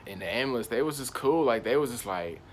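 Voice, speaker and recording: A man's voice: mid-range voice, animated, fast talker, a little hiss or hum. A young man casually telling a personal story in slangy, rambling speech. He circles back on himself and keeps repeating "I was like.". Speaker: channel host.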